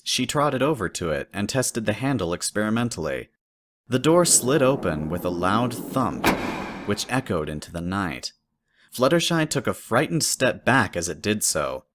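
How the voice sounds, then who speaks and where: A man with a fairly low voice reads a spooky fanfic story aloud. His narration is steady and measured, unhurried storytelling. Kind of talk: fanfic horror story reading.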